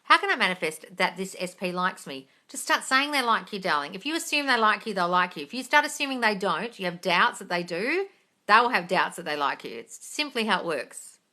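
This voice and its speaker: A woman hosting a casual live-stream Q&A as a manifesting coach, blunt and sweary, swinging between muttered asides and loud exclamations. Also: mid-range voice, big pitch swings, brisk. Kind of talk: casual live-stream chat reading comments.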